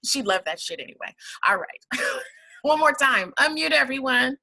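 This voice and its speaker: A woman's voice: high voice, huge pitch swings, normal speed, creaky, background noise. A woman hosting a virtual fundraiser over a video call, talking in a casual, heartfelt way and calling the audience y'all. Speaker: event host for a housing nonprofit.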